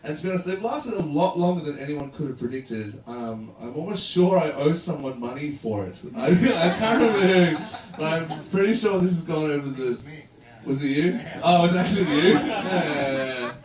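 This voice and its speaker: Here the Australian comedian's voice is fairly high, lively in intonation, and at a normal speed as he rambles through his roast, peppered with "man" and "dude." It's recorded from a distance in an echoey comedy club, with background noise and laughter from the crowd.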